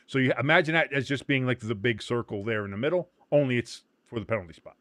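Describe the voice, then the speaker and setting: A man's voice: medium pitch, fast, few pauses, no room sound. A man from the United States hosting a casual watch-along stream, explaining the game and cracking profane jokes. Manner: profane, joking, animated. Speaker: host.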